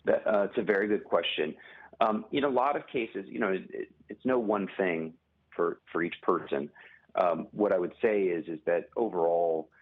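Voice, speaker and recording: A man, a journalist and author, speaking as a guest in a phone interview, measured and halting, with many pauses and restarts. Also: sits low. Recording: tinny phone line.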